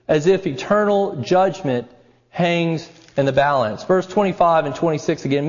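Guy preaching a sermon, kinda high voice, gets intense on the big points, muffled lo-fi sound. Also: normal speed, a little mellow, in a large hall. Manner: earnest preaching, rising in intensity when stressing scripture. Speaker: pastor.

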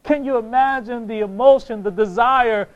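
A man's voice: very high voice, moderate pace, muffled recording. A man preaching a sermon, impassioned, reading scripture aloud and repeating phrases for emphasis.

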